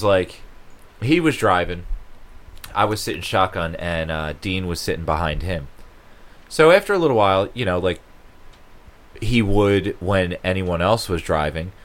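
A man's voice: fairly low pitch, fairly bright tone. A man in casual chat, telling a story, swearing and laughing often.

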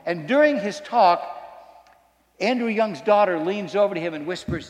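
A man's voice: sits high, animated, normal speed. Male preacher in a reverberant hall. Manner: dramatic, swings from loud to hushed. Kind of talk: sermon storytelling. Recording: long reverb in a large hall.

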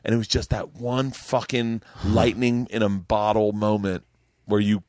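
Comedian guy riffing a story on a podcast, lowish voice, dry close mic. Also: measured pace, no room sound. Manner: profane, animated storyteller. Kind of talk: casual storytelling chat. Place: podcast studio.

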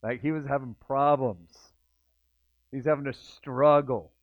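A man's voice: mid-range voice, fairly even intonation, a little slow, no echo. A man preaching a sermon in a conversational way, acting out the inner voices of his listeners. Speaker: pastor. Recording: tinny phone-like dry sound.

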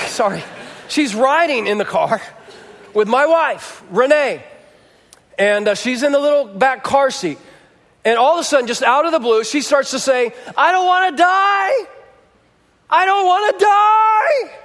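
A man preaching a sermon to his congregation, telling a family story and dropping his voice low for the somber parts. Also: fairly bright tone, in a large hall. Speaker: pastor.

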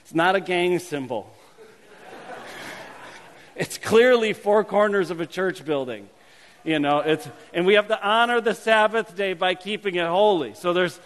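Playful pastor in a reverberant church. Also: male voice, fairly high pitch. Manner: playful, animated, drops to quiet asides. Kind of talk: sermon introduction teaching a hand-gesture memory game. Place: church sanctuary. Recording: long hall reverb.

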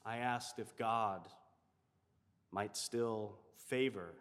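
A man, a chaplain, telling a story in a reflective, measured way. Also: on the low side, fairly bright tone, big-room sound. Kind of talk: storytelling sermon.

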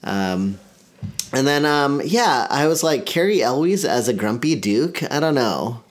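A man co-hosting a casual podcast in a voice of middling pitch. He keeps things playful, cracking jokes and laughing along as he talks. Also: big pitch swings, a little slow. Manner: playful, joking, laughs at his own jokes. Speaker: podcast co-host. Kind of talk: casual chat.

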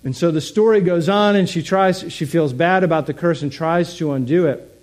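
Mellow-voiced male pastor. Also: a little high, moderate pace. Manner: conversational, asking the congregation questions. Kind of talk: sermon.

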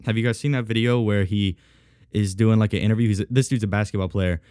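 A solo podcast host talks fast in a lowish, steady, darkish voice, congested and sniffly, with a sinus cold deepening it. He jokes around, rambles and pokes fun at himself during the casual chat. The sound is dry and studio quality.

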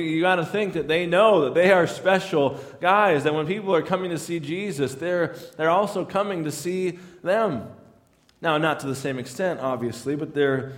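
A man's voice: on the high side, big-room sound. Man preaching a casual sermon. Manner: conversational, repeats words and restarts lines. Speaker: pastor.

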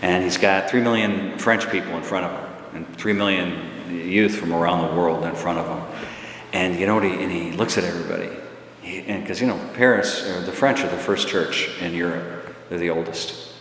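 A man's voice: low-pitched, moderate pace, fairly bright tone. A man preaching a sermon in a large church, his voice swelling into emphatic runs and dropping back with filler uhs. The room is echoey with a long reverb tail. A faint hum of ambience sits underneath. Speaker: priest.

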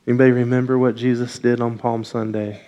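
A man's voice: medium pitch, flat delivery, fast talker, warm tone, lo-fi sound. A man giving a children's message in church, asking the kids questions and leading them in call-and-response on a mic. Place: church sanctuary with congregation. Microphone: wears a mic.

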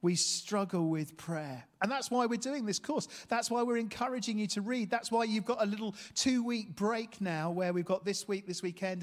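A man preaching a sermon, telling a story with lively energy and asking his listeners questions. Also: sits high. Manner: animated storytelling, asks the room questions. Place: church hall. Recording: long hall reverb.

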